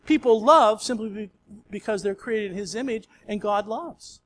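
A man's voice: sits high, normal speed. A male pastor preaching a sermon in a conversational storytelling way.

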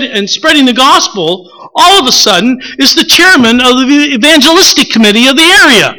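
An older man preaching a sermon, telling the story with animated acted-out quotes before teaching on the text. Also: very high voice, low-quality recording. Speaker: pastor.

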